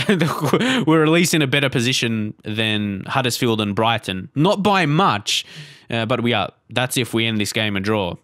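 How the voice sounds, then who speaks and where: A man's voice: mid-range voice, big pitch swings, measured pace, fairly bright tone. A young man hosts a live let's play of a football management game, narrating every choice in a casual, rambling way. He moves between hopeful chatter and frustrated outbursts, swearing when things go wrong. His mid-range voice sounds dry and close, with no room echo. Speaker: gaming channel host.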